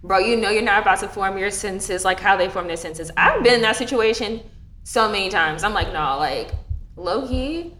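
A young woman in casual chat, animated and swearing freely, with many fillers. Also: medium pitch, brisk, slight background noise. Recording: echoey room.

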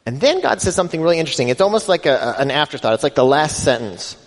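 Pastor guy preaching, kinda high voice, big echoey church hall, talky and emphatic. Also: expressive, rapid-fire. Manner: conversational preaching, rising emphasis, quoting scripture in voices. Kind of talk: sermon. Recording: long hall reverb.

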